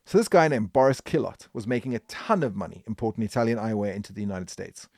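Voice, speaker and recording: Animated male podcast storyteller. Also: fairly low pitch, fast talker, no room sound, clean studio sound. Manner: animated, emphatic retelling. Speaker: podcast host. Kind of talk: business history storytelling.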